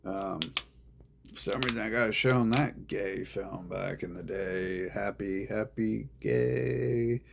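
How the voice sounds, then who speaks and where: Slow gravelly man rambling. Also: low voice, flat delivery, noisy background. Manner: meandering, profane, repeats himself. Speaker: vlogger. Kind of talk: rambling monologue.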